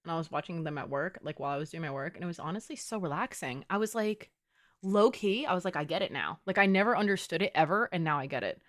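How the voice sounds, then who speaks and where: A woman's voice: on the low side, lively intonation, quick pace. A young woman streaming from home, chatting playfully with her viewers and swearing casually. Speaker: game streamer. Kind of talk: casual live-stream chat.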